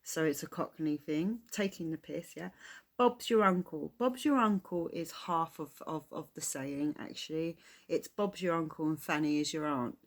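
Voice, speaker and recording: A low-voiced woman from England hosts a reaction video, giving casual commentary. She keeps a steady tone while chatting about slang, explaining it with quick laughs.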